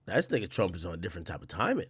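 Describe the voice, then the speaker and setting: A man's voice: low voice, big pitch swings, rapid-fire, a bit bright, husky. A man streaming, reacting to news clips with incredulous, profane, laughing commentary.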